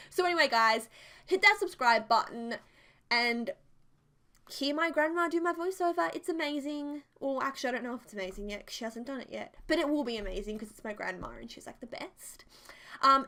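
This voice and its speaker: A young woman with a fairly bright, high-leaning voice records a casual home voiceover as a game builder, near the bedroom. She rambles, filling her speech with "like."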